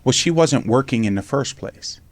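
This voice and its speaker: A middle-aged man from Pennsylvania telling his life story in a casual interview, animated and blunt, swearing freely and acting out the voices in his tales. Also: mid-range voice, moderate pace, no echo. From Norristown, Pennsylvania, USA. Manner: animated storyteller, acts out quotes, swears freely, says "right?" often. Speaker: podcast host and memoir author.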